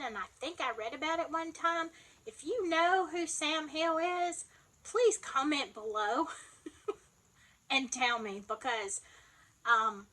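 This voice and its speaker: A woman's voice: sits high, sharp tone, low-quality recording. A woman with a Southern Alabama accent, chatting casually to camera as a vlogger, wry and self-mocking. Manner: chatty, wry, laughs at herself.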